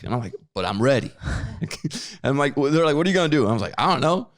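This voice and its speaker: A man's voice: medium pitch, quick pace, vocal fry. A man co-hosting a podcast, telling a story in casual chat and acting out what others said, often repeating his words. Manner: animated storyteller, acts out quotes, repeats words. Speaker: podcast co-host.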